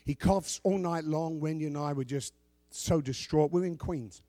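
A middle-aged male pastor preaching a sermon. He reads scripture loudly and drops into quiet asides. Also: normal speed, dry recording. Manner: animated preaching, swings from shouted scripture to low asides.

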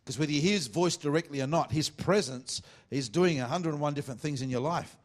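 A man preaching a sermon as pastor, mixing jokey, teasing asides to the congregation with emphatic preaching and slow, deliberate scripture reading. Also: fairly high pitch. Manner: reads scripture slowly and deliberately.

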